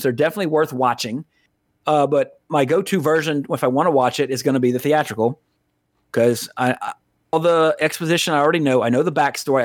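A man's voice: medium pitch, dry recording, studio quality. A man co-hosting a casual film review podcast. He rambles, often breaks off mid-sentence and swears freely. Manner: rambling, profane, self-interrupting. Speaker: podcast co-host reviewing films.

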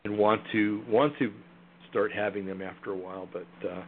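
A man's voice: on the low side, fairly even intonation, normal speed, slight background noise. A man guest in a casual interview, talking hesitantly with many fillers and restarts. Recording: tinny phone line.

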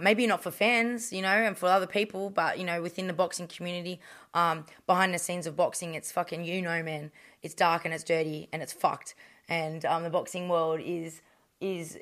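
An Australian woman in her thirties with a fairly low voice speaks candidly in an interview. Her talk is blunt and salty, full of swearing, fillers and quick restarts. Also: a bit bright. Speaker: boxer, interview guest.

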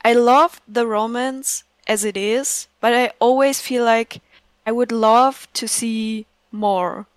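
A woman in a casual chat, talking in a thoughtful, measured way. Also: fairly high pitch, fairly even intonation, no room sound.

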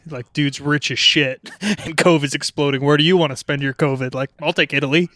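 A man's voice: fairly high pitch, fairly even intonation, a little fast, sharp tone. Profane, rambling young man chatting. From Portland, Oregon. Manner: profane, rambling, laughs often. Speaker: podcast host. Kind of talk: casual chat.

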